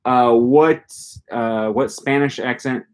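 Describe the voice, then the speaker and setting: A man's voice: mid-range voice, fairly even intonation, takes it slowly. A young man from Wisconsin with a Midwest American accent, chatting casually on a live stream and reading out viewer questions, rambling with many ums and restarts. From Wisconsin, USA. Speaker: language-learning channel host.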